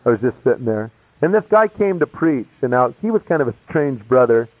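In a storytelling testimony, a man relates his conversion casually and with lots of energy, acting out every voice. His medium-pitched voice moves fairly quickly, and the dry recording sounds tinny and phone-like, with no room sound.

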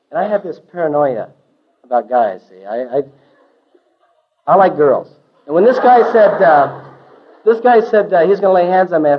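Man telling a lively church testimony, lo-fi. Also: a little high, a little hiss or hum. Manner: animated storyteller, hippie slang, swings from loud to hushed. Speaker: testimony speaker. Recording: dull lo-fi recording.

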